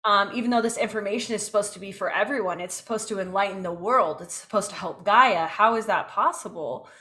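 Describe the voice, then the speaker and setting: A woman co-hosting a casual podcast chat, talking in an animated, emphatic way with fillers. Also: medium pitch, a little fast. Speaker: podcast co-host.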